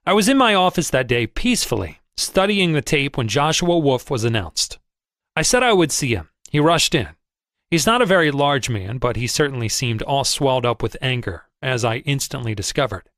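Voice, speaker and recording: A man narrating a first-person audiobook in an expressive, measured storytelling manner. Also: medium pitch, no room sound, studio quality.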